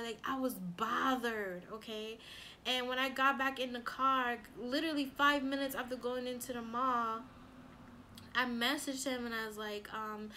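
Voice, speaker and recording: A woman who is a mother, chatting casually through a storytime, animated and full of "like" and her own quoted thoughts. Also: a little high, unhurried, a little hiss or hum. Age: adult with a son. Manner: animated, lots of "like" and quoted self-talk. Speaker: relationship coach and vlogger.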